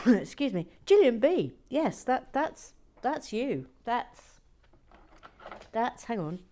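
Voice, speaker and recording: Soft-spoken British woman, slow and lilting. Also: fairly high pitch, very animated. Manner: soft, often half-whispered, playful rambling. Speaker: video host building toy bricks. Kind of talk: relaxed build-along chat. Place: cold garden shed.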